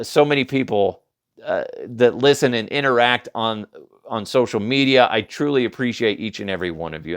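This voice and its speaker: A man's voice: mid-range voice, a bit bright, clean tone. Rambling, profane male podcast host. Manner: rambling, profane, laughs at own jokes, does mocking voices. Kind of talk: casual comedic headline rant.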